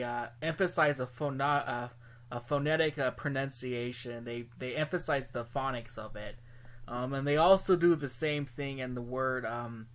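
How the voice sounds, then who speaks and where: Hesitant male host, mid-range voice, loose off-the-cuff Bible talk. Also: medium pitch. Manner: hesitant, full of ums and restarts. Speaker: Bible study video host. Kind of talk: casual spoken commentary.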